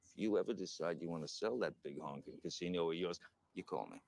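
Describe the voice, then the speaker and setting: A man playing a brash tycoon in an improvised comedy sketch, boastful and quick to cut others off. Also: sits low, creaky, a little mellow, low-quality recording.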